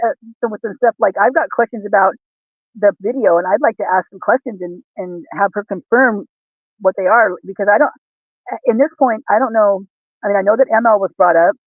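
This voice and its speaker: A man's voice: sits high, a little fast, no echo. A man in casual chat as a livestream guest, talking earnestly in a rambling, self-correcting way. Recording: tinny dry call audio.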